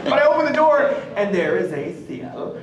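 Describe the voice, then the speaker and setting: A man telling a story at a fan convention panel, laughing often as his high voice jumps all over the place. He is picked up from far off in a big, echoey hall, with a loud crowd behind him. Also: normal speed, lo-fi sound. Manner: laughing, excitable, acts out quotes. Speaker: voice actor guest on a convention panel.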